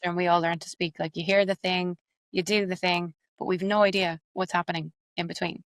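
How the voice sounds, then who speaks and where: A woman with an Irish accent, an accent coach and actress, explaining her methods quickly and animatedly in an interview. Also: lowish voice, no room sound. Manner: fast, animated, explains with examples.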